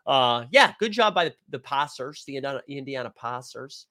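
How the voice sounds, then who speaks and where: Bright-voiced man hosting a loose live chat. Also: medium pitch, animated, moderate pace. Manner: loose, rambling, jokey, reads comments aloud. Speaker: sports show host reading live chat. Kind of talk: casual live-stream chat.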